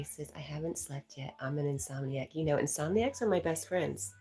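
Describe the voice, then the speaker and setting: A middle-aged woman hosting a livestream from home on a laptop mic. She chats casually, reads viewer comments aloud and laughs often, clearly amused by herself. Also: low voice, moderate pace, warm tone, poor audio. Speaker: livestream host.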